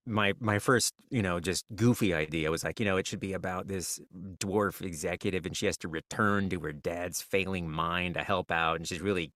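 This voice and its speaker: A man chatting as a podcast guest author, relaxed and self-deprecating with a joking manner. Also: sits low, normal speed, few pauses, dry recording, clean studio sound. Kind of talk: casual interview chat.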